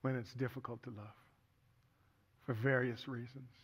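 A man's voice: mid-range voice, level tone, moderate pace, breathy edge. A middle-aged man preaching a sermon as pastor, telling stories with humor and earnest turns. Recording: echoey hall, dull sound.

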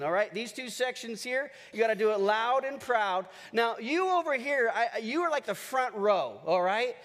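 A man preaching a sermon as pastor, energetic and rousing his congregation. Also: extremely high pitch. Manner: energetic, leads the congregation in call-and-response cheers. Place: large church hall. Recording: long church hall reverb.

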